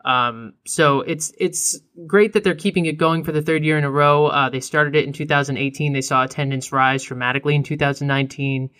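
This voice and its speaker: A young man co-hosts a laid-back beer podcast, chatting casually and filling gaps with ums. His voice is bright and clear. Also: a little high, brisk, few pauses. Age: young adult. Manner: relaxed, frequent filler ums and uhs, laughs easily. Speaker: podcast co-host.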